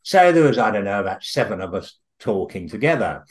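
Older Englishman with a lively, swooping voice. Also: on the low side. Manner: halting, with many restarts, then eager and animated. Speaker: guest author and researcher. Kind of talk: storytelling in an interview.

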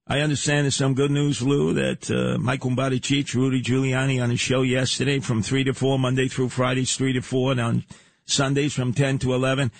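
A man hosting a radio talk show, ranting loudly and in mock confrontation, repeating his questions. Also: medium pitch, little pitch movement, brisk, vocal fry, no room sound. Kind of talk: on-air radio rant. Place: radio studio.

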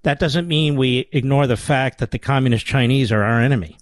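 A man's voice: mid-range voice, brisk, dry recording. A man hosting a talk radio show, arguing his points emphatically with rhetorical questions.

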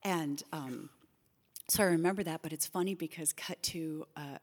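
A middle-aged woman, a guest in a casual podcast conversation, telling animated, self-deprecating stories. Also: deep voice, moderate pace, in a large hall.

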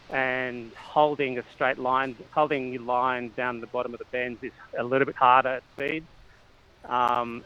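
Aussie guy, middle-aged, ums and restarts a lot, muffled lo-fi sound. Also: medium pitch. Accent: Australian. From Australia. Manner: hesitant, many fillers and restarts, chuckles often. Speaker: cycling coach and parent guest. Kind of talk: casual interview chat.

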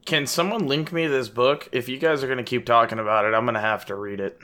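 Bright-voiced joking crude co-host guy. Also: mid-range voice, fairly even intonation, fast. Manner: joking, crude, laughs often. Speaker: podcast co-host. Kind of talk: crude casual chat.

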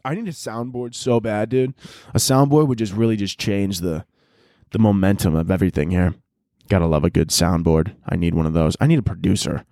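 A man hosting a podcast alone, rambling through a crude comedic monologue and jumping into loud shouted bits. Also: sits low, brisk, dry recording, clean studio sound. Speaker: podcast host.

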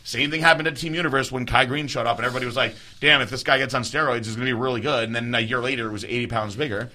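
Bright-sounding man, casual profane chat, animated, imitates people mid-story. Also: medium pitch, rapid-fire. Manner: animated storyteller, swears freely, mimics others. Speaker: podcast co-host.

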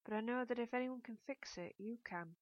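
A woman reading the lines of a gentle young man who speaks quietly and soothingly to comfort someone. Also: a little high, brisk, no room sound, muffled recording, lightly acted. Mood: tender.

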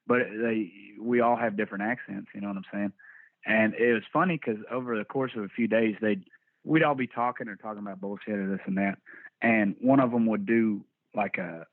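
A Texan band vocalist, guesting on a podcast, speaks fairly quickly in a low-side voice with fairly even intonation and a Texan accent. He tells stories candidly and laid-back, swearing freely, over a dry, tinny, phone-like line.

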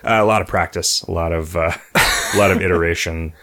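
A man's voice: low voice, fairly even intonation, fairly quick, a bit bright. A man hosting a casual podcast, reading listener questions aloud and rambling through the answers. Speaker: podcast host.

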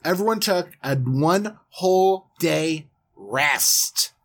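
A man casually retelling an old story for laughs, playful and jokey, slipping into quick character voices. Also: fairly high pitch, lively intonation, a bit bright. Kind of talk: comedic Bible retelling.

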